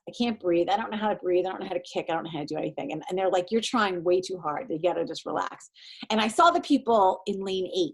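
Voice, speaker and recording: A woman, a podcast guest telling her story in casual, animated fashion, acting out the voices of the people around her. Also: medium pitch, husky. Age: 40s. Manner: animated, acts out quoted voices, self-deprecating. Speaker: podcast guest, triathlete and performance coach.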